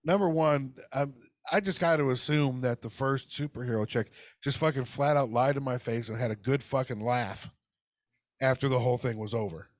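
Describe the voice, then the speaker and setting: A man's voice: medium pitch, moderate pace, dry recording. A man co-hosting a casual podcast, telling a heated, profane story and acting out phone calls. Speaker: podcast co-host. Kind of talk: casual ranting podcast chat.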